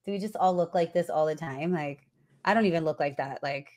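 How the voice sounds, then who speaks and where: A woman's voice: low-pitched, brisk, darkish tone. An American woman guest chatting animatedly in an interview, with lots of fillers. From United States. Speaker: guest, ring announcer. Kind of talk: casual interview chat.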